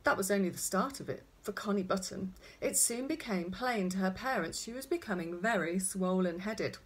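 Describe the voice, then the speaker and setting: A woman reading a children's storybook aloud in an expressive, animated way. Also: medium pitch, moderate pace, breathy edge. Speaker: narrator.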